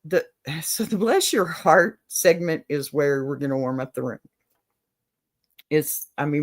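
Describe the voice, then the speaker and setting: An older woman from Texas with a Southern accent, hosting a casual show. She chats freely and laughs often. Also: deep voice. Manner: chatty, laughs often, says y'all. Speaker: podcast host. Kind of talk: casual chat.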